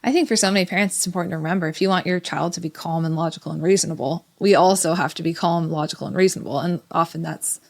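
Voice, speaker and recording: A woman's voice: on the low side, rapid-fire, few pauses. A woman in her thirties co-hosting a parenting podcast, chatting casually and telling family stories with reflective detail. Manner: reflective storytelling, quotes family dialogue. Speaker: podcast co-host.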